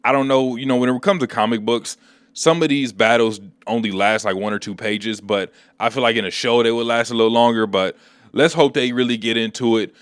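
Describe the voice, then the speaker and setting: A man hosting a casual comic book recap, talking through the story in relaxed, slangy speech. His voice is middle-pitched and dry, right up on the mic. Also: fairly quick, clear, resonant tone, no room sound. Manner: slangy, laid-back storytelling.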